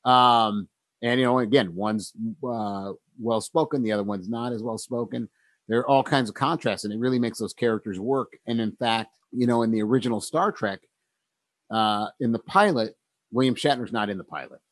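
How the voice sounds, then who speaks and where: A man muses his way through a casual conversation, pausing often with ums and laughing easily as he goes. His voice sits at an ordinary pitch for a man. It is recorded close and dry, with no room sound. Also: no room sound. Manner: thoughtful, with many pauses and ums, laughs easily. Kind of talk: casual conversation about writing.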